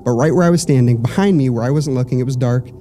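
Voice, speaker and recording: A man's voice: medium pitch, fast talker, dark tone, slight background noise. Young man telling ghost stories on stage. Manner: loose and chatty, swears freely, laughs between lines. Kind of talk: casual live storytelling. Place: stage at a live show.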